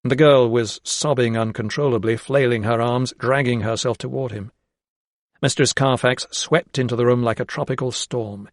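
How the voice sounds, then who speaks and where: A male audiobook narrator with a mid-range voice, reading a period novel in steady, even storytelling. The sound is close and very dry, with no room at all. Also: medium pitch, moderate pace, dry recording. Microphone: close studio mic.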